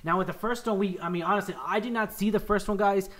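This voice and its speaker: A man's voice: high-pitched, fairly even intonation, fast talker, fairly bright tone. A young man hosting a casual movie review chat, upbeat and rambling with many restarts. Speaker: podcast host.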